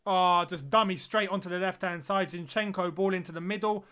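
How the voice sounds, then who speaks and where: Man, high voice, live match reaction, repeats himself, exclaims and groans. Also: steady tone, a little fast, few pauses, pushed and bright, clean tone. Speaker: football watch-along streamer.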